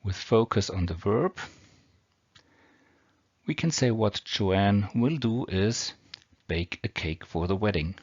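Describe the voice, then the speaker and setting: A man's voice: lowish voice, expressive, slow pace, pauses often, a little mellow, no room sound. Man with a foreign accent teaching grammar. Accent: non-native English accent. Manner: patient, step-by-step explanation. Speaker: English teacher. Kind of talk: explaining grammar over slides. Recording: dull lo-fi homemade audio.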